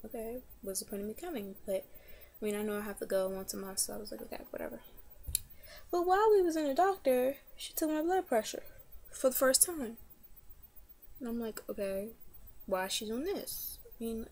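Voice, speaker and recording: A woman's voice: a little high, brisk. Indignant teenage girl vlogging. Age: teens. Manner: animated, indignant retelling with quoted dialogue. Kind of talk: casual storytelling vlog.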